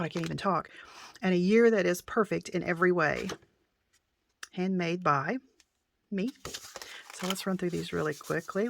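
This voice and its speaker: Chatty low-voiced woman gushing over crafts. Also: a little hiss or hum. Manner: chatty and gushing, frequent delighted exclamations. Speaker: craft vlogger. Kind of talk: casual unboxing chat.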